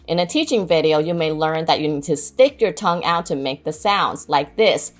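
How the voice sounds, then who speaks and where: A woman giving scripted instruction on English pronunciation, saying example words slowly and clearly to model them. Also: low-pitched, faint music behind.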